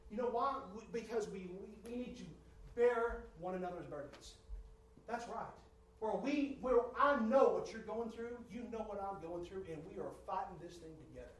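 A fervent man preaching with a high, ringing voice, his words rising from hushed asides into shouted pleas. He calls out for amens from the congregation. The sound bounces around a large church, caught from a distance with a faint hum of room ambience underneath. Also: animated, moderate pace. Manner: call-and-response with the congregation. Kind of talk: sermon. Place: church sanctuary. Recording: echoey church, voice picked up from afar.

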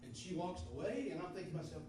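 A sweating male preacher with a high voice, telling his testimony with fervor and repeating his phrases as he builds to shouts. He sounds distant from the mic inside a big echoing hall, with steady noise underneath. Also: racing. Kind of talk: sermon with personal testimony. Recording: echoey hall from far off with background noise.

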